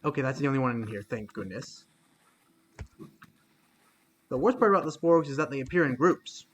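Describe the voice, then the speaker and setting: A man's voice: medium pitch, animated, racing, a bit bright, a little hiss or hum. A man giving casual commentary while streaming a game, reacting aloud and talking to his chat.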